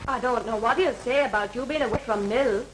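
An actress playing a calm, firm woman of a mill household in a 1930s British film. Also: on the high side, brisk, noisy background, close to an everyday voice. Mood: composed.

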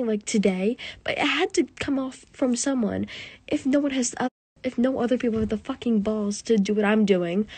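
A woman delivering an impassioned, profane rant as a vlogger, swinging from hushed talk to angry shouting. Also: on the high side, slightly rough, dry recording.

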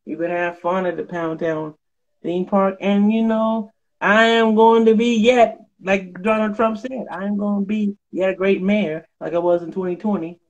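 A man's voice: high-pitched, fairly even intonation, normal speed, highs cut off. A man with a slightly raised voice boasts and rambles through loose comic banter. He repeats himself, veers off track and talks himself up on a live stream. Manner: boastful, rambling, slips into off-key singing. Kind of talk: comedic bragging banter.

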